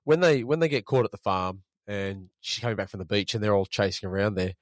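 A man's voice: on the low side, fast, dry recording, studio quality. A man co-hosting a casual film review chat, rambling and repeating his words. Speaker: podcast co-host.

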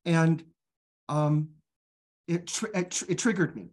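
A man with a fairly high-pitched voice opens up as a guest about his own recovery, speaking earnestly and frequently stopping to restart his sentences.

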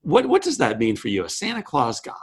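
A man's voice: mid-range voice, huge pitch swings, fairly quick, breathy edge. A man hosting an interview, asking questions with small stammered restarts. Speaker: interview host. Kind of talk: conversational interview.

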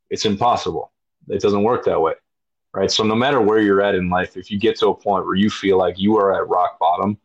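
A man in his thirties, a veteran guest telling his story in a blunt, profane, casual way, with lots of fillers. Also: low voice. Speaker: podcast guest, military veteran. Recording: dull lo-fi audio.

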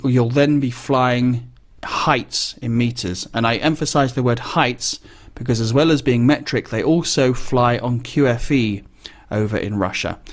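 A man who flies business jets, talking casually and explaining things in a wry, conversational way, with frequent pauses to think. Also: medium pitch. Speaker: business jet pilot.

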